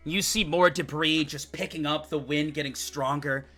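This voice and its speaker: A man's voice: on the high side, slow pace, bright, forceful tone, faint music behind. A man narrating a tabletop game as game master, in a vivid, casual way and swearing freely.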